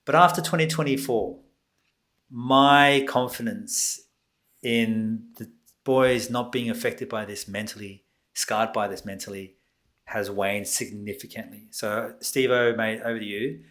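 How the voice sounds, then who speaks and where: An Australian man co-hosting a casual sports podcast, a lively, jokey storyteller. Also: fairly low pitch, unhurried. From New South Wales, Australia. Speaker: podcast co-host.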